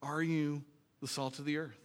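A man pastor preaching a sermon in a church, earnest and emphatic, dropping into quiet, joking asides. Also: fairly high pitch, little pitch movement, normal speed.

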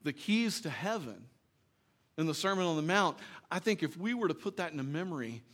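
A pastor delivers his sermon in an easygoing, talk-to-you way, his voice sitting a little higher than most men's. He pushes up loud on his questions and then sinks low and quiet as he tells a story. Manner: conversational preaching, rising loud for emphasis and dropping soft in story lines. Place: church.

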